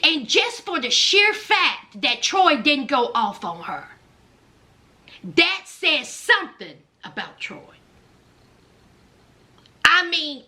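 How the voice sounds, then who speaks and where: A woman giving a sassy, expressive recap of a reality TV show, drawing out her words. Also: high-pitched. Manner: expressive, sassy, drawn-out delivery. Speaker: reality TV commentator.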